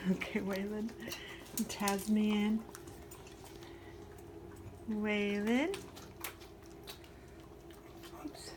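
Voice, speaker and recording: At home in her kitchen, a woman who vlogs about baking and crafting chats casually while she bakes and coos sweetly at her dogs. She has a medium-pitched, steady voice and draws out her words. Dishes clatter and clicks sound throughout the noisy recording.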